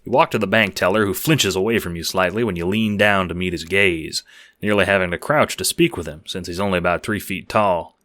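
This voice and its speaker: A man narrating a fan audio drama in second person, with a wry, deadpan manner. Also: deep voice, a little fast.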